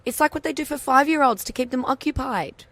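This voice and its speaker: A woman's voice: high voice, dry recording. A woman co-hosting a radio tech show, teasing her co-host and cutting in during casual banter. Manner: teasing, quick to interrupt. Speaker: radio station owner and guest co-host.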